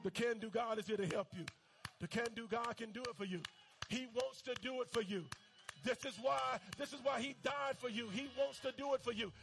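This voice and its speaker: A man's voice: very high-pitched, a little fast, gravelly, a bit bright, soft background music. A male pastor preaching a fervent sermon, calling on his congregation to repeat lines back to him. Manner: fervent, call-and-response preaching.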